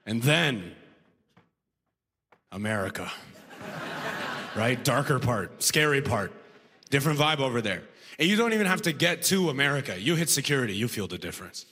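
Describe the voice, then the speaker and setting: A man's voice: medium pitch, very animated, moderate pace, pauses often, bright, forceful tone, husky, big-room sound. A man from Sudan, raised in Alberta, doing live stand-up comedy on stage at a comedy gala, talking conversationally and checking in with the crowd. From Sudan, raised in Alberta, Canada.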